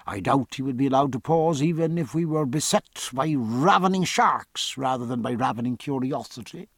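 Brief: man playing a dry, pedantic doctor, quiet and close, husky tone. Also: no room sound, natural voice. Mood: wry. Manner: low, measured, wry.

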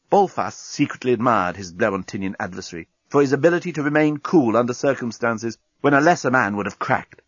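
A man's voice: medium pitch, quick pace, hardly any pauses, slightly rough, no echo, dull audio. A man narrating an audiobook in a dry, wry manner.

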